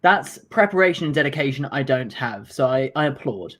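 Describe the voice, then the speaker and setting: A woman's voice: very deep voice, expressive, brisk. A woman with a nasal British accent, a guest in a casual chat, rambling and self-deprecating. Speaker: guest on a livestream.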